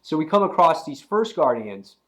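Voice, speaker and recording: A young man with a cold, reviewing a comic book in a rambling, slangy, excitable way. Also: a little high, normal speed. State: has a cold. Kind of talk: casual video review.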